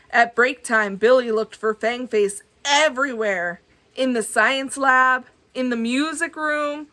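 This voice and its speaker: Langzame, heldere voorleesvrouw. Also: female voice, a little high. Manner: gentle, chatty asides to kids. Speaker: storybook reader. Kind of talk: reading a children's book aloud.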